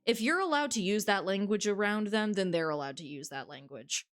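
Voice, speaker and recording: A woman's voice: medium pitch, lively intonation, a little fast. A woman streaming a dating game, reading its text aloud and chatting casually with viewers, frank and swearing freely.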